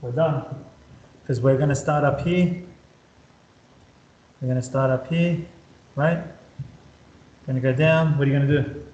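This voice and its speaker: A man's voice: medium pitch, steady tone, a little slow, long pauses, a little mellow, muffled recording. A man tutoring calculus at a whiteboard who repeats words as he draws and keeps quizzing his student. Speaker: maths tutor. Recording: echoey room.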